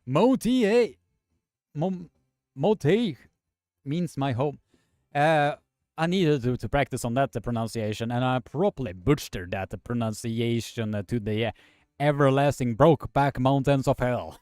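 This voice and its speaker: A man hosting a live stream, commentating and chatting with viewers in a halting, filler-heavy way. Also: mid-range voice, a little mellow, clean tone, no room sound, studio quality.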